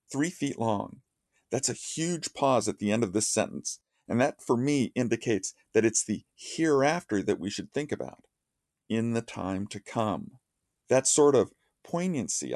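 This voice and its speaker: A man giving a measured, reflective lecture on poetry, dropping low and slow to recite lines of verse. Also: darkish tone, no room sound, clean studio sound. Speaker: literature lecturer. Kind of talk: analytical lecture with dramatic recitation.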